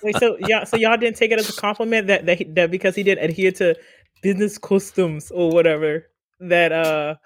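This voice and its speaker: A man's voice: sits high, steady tone, fairly quick. A man co-hosting a podcast, asking hesitant questions in a casual film-review chat and repeating his words. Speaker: podcast co-host.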